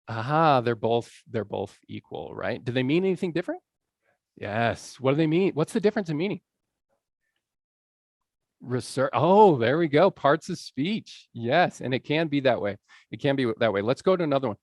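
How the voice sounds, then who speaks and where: Lively gravelly-voiced man lecturing. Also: mid-range voice, a little fast, no echo, studio quality. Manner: lively, quizzes the audience, laughs often. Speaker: college lecturer on language learning. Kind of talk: live lecture to an audience. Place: lecture hall.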